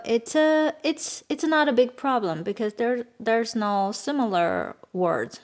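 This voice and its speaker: In a voice on the high side, a woman who is a native Chinese speaker with a Chinese accent teaches a beginner language lesson. She takes her time, patiently repeating words slowly so learners can follow.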